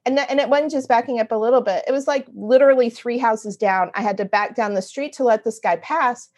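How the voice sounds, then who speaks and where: A middle-aged woman, a guest author, telling a story in conversation and acting out her own remarks in expressive voices. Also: a little high, a little fast.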